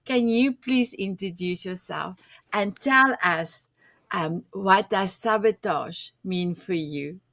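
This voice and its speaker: A woman's voice: medium pitch, slow pace, a bit bright, no echo. A South African woman hosting a talk show, effusive and gushing over her guests. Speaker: show host.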